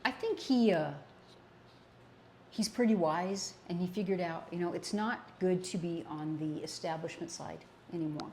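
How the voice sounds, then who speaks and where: A woman's voice: lowish voice, normal speed, a little mellow, slight background noise. An older woman co-hosting a casual political talk show, speaking earnestly and repeating points for emphasis. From American Southwest. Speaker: co-host.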